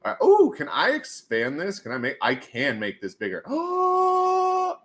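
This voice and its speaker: A man hosting a casual livestream, thinking aloud as he works on screen and breaking into goofy shouted voices. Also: medium pitch, huge pitch swings, a little fast. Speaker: livestream host.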